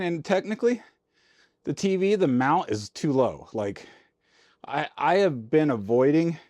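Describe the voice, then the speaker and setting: The recording is dry and clean, studio-like, capturing a man's medium-pitched, slightly mellow voice. Working inside his RV, he talks casually into a handheld mic to himself and his viewers, grumbling in a folksy, informal way.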